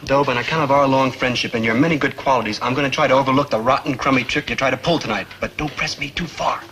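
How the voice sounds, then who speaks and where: An actor playing a dim, laid-back young beatnik sidekick who drawls in slang, in 1950s sitcom style. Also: male voice, mid-range voice, fast, noisy background, close to an everyday voice.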